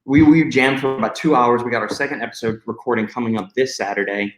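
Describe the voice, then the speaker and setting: A man's voice: mid-range voice, steady tone, quick pace. A man hosting a casual live question and answer chat, rambling and plain-spoken. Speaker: host. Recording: echoey room.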